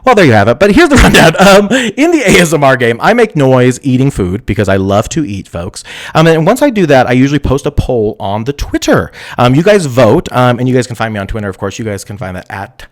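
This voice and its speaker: A young man hosts a live stream in a campy, giggly, sassy manner. His pitch is at an ordinary height but swings widely, jumping up into squeals and dropping down into murmurs. He talks casually and laughs often with his viewers. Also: very animated, fairly quick. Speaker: host of a live stream show.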